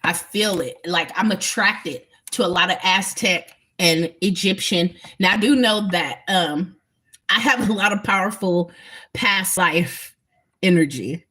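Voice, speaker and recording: With a sharp tone, fairly low pitch, and measured pace, a woman bluntly lectures the viewers of her casual spiritual livestream. She's emphatic, profane, and speaks right to them.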